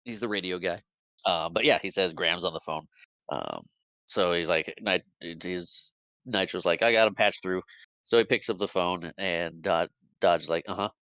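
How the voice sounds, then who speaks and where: Bright-voiced man recapping a comedy film. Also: deep voice, no room sound, low-quality recording. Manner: retells scenes with quick quoted voices and frequent laughs. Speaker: podcast co-host. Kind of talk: casual movie recap chat.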